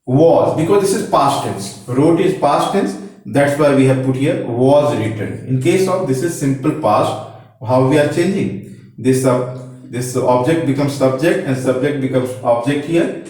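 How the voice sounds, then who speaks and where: A man teaching English grammar, explaining slowly and repeating himself while pointing to examples on a board. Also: fairly high pitch, a little mellow. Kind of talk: classroom-style explanation. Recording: very echoey room, voice from far off.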